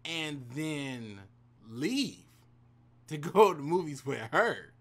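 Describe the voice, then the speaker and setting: Fairly high-pitched and very animated, this YouTube storyteller still takes his time. He recounts something from his own life in a loose, cursing, slang-heavy vlog, hyping up his audience along the way.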